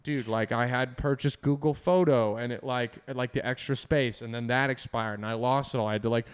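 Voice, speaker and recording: A man's voice: medium pitch, steady tone, brisk, clear, resonant tone. A young man in casual chat, rambling with constant fillers and swearing.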